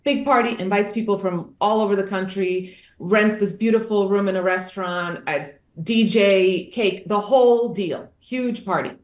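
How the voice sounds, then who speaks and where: A woman's voice: medium pitch, moderate pace, few pauses, roomy sound. A woman guest author tells a personal story, candid and emphatic, repeating phrases for effect.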